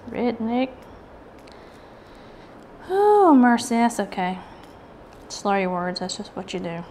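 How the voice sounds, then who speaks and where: A warm, fairly high voice with big pitch swings belongs to a Southern US craft channel host who takes things slowly, with long pauses. Chatty, rambling, and self-deprecating, she talks through her craft work over slight background noise.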